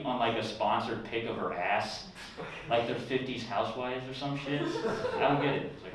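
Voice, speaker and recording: A man's voice: medium pitch, very animated, a little slow, pauses often, crowd noise. A young man telling crude jokes in a conversational stand-up set, often tagging lines with "right?". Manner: crude, conversational, tag questions. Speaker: stand-up comedian. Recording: echoey room, far mic, loud noise.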